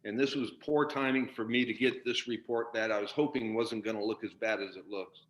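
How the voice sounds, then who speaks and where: A man's voice: lowish voice, steady tone, fairly quick, roomy sound, highs cut off. Furious man ranting on a video call. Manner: furious, swearing, repeating himself. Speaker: union member asking a question. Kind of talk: angry question at a virtual town hall.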